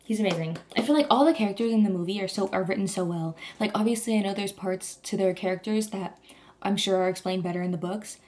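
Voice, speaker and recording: A woman's voice: mid-range voice, fast, a little mellow. A young woman vlogger rambling in a casual, gushing chat, full of "like" and restarts. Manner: gushing, rambling, heavy use of "like".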